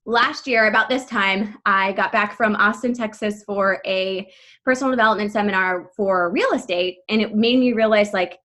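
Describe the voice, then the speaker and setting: A woman in her thirties leading a team call, telling a personal story quickly and breathlessly, full of "like" fillers, her voice shaking with emotion. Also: medium pitch, fairly bright tone. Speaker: team leader speaking to her coaching team.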